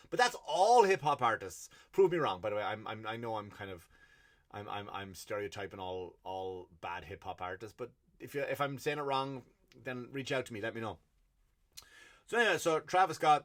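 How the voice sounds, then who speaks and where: A man's voice: mid-range voice, a bit bright. A man with an Irish accent, a comedian hosting his own podcast, delivering a blunt, profanity-filled solo rant. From Ireland.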